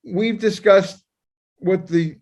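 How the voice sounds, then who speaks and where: Older male co-host, high-pitched, blunt and emphatic in his opinions. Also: steady tone, slow pace, a little mellow. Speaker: podcast co-host, psychiatrist. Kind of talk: conversational discussion.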